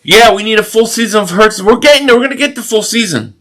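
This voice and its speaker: Male stream host, casual and opinionated sports talk, high and bright timbre. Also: fast talker. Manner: opinionated, animated sports rant with repeated restarts. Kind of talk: casual live stream chat, reading super chats.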